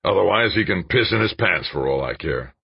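A man reading the part of a crude, blunt old oil tycoon who snaps and mutters, with a rasping snicker. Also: low voice, lively intonation, fairly quick, no room sound, muffled recording, voice pushed up, full character voice. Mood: gruff.

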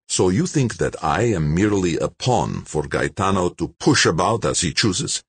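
A man voicing an ambitious politician who keeps his anger under tight control, formal and clipped. The voice is husky and dark, close and dry. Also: low-pitched, sing-song, normal speed, dry recording, pitched above the performer's own voice, heavily acted. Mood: guarded, stern. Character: ambitious male politician, guarded and proud.

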